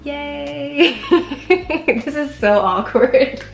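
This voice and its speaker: A woman's voice: on the high side, normal speed, over music. Bubbly young woman in an echoey room. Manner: chatty and bubbly, lots of "like", giggly. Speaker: vlogger. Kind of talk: casual unboxing vlog. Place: home room with a desk.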